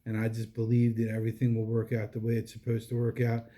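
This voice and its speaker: A man's voice: mid-range voice, completely flat delivery, fast talker, dark tone. A middle-aged man talking casually and earnestly about his faith, rambling with many fillers and restarts, and sounding tired. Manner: earnest, devotional. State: tired, yawning. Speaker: vlogger. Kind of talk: casual personal monologue.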